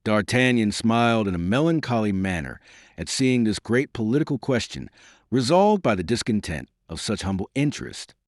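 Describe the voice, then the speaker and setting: A man narrating a classic novel in a measured storytelling way. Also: fairly low pitch, very animated, dry recording, studio quality. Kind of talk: scripted audiobook narration.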